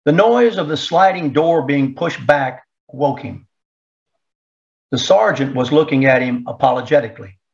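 A man narrating an audiobook in a measured, even storytelling manner. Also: medium pitch, gravelly, dull audio. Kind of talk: audiobook reading.

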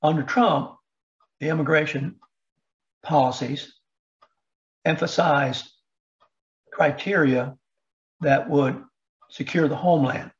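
Gravelly man in halting political talk. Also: on the high side, highs cut off. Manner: halting, many fillers and restarts; rhetorical questions with rising emphasis. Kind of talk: political commentary.

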